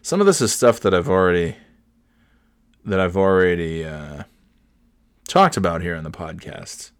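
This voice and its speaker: A man's voice: sits low, expressive, moderate pace, clear, resonant tone, no echo, studio quality. A man in his forties hosting a solo comedy podcast, rambling from one tangent to the next, cursing and restarting his sentences. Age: 40s. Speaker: podcast host.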